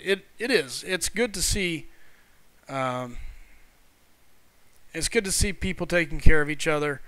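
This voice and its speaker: Streamer type, man with a Missouri accent, bright and crisp, friendly chat, dry close mic. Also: a little high, animated, measured pace, pauses often, no room sound. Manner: chatty, friendly, reads viewer comments aloud. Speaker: streamer hosting a live game stream. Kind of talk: casual live-stream chat.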